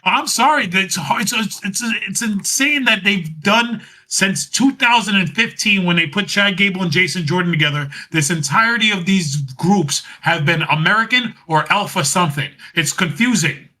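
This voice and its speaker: A man's voice: high-pitched, normal speed, hardly any pauses, pushed and bright, rough recording. A man co-hosting a podcast, casually recapping wrestling, rambling and laughing as he acts out what was said. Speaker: podcast co-host.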